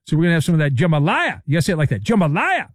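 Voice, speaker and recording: A man's voice: fairly high pitch, sing-song, racing, no echo, studio quality. A man hosting a sports talk show, delivering a sarcastic monologue full of playful riffs and asides. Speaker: sports talk radio host.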